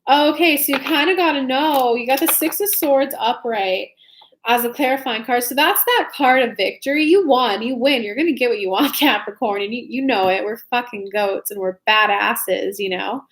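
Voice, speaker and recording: Speaking at a moderate pace in a voice on the high side, a young tarot reader livestreams from her softly lit home room. Her reading is casual and chatty, loose and informal with her viewers.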